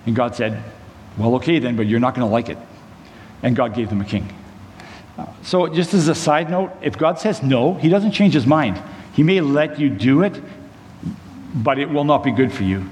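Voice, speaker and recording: A man preaching, retelling a Bible story in a relaxed conversational way with side notes to the listeners. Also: fairly high pitch, moderate pace. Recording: long hall reverb, faint room noise.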